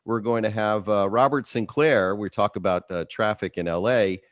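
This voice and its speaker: A man hosting a radio talk show, talking in a relaxed, rambling way with many fillers. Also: on the low side, normal speed, no room sound, studio quality.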